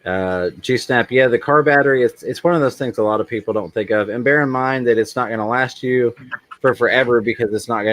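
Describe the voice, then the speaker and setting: A man's voice: mid-range voice, fairly bright tone, dry recording. A man hosting a casual livestream, reading chat aloud and rambling with many ums. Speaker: livestream host.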